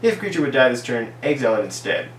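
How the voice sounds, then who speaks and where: Guy doing a sarcastic card review, over-the-top fake praise, echoey room with a soft hum. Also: medium pitch, big pitch swings, rapid-fire. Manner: mock-enthusiastic, ironic over-praise of every card. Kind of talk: casual set review, reading card text aloud. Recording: echoey room, distant mic, faint hum.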